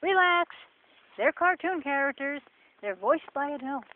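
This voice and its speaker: A woman's voice: high voice, animated, a little slow. Chatty sarcastic woman with a Jersey accent. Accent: New Jersey. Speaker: vlogger. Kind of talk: casual walking vlog commentary. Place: outdoors on a forest path. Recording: tinny phone-like sound with faint noise.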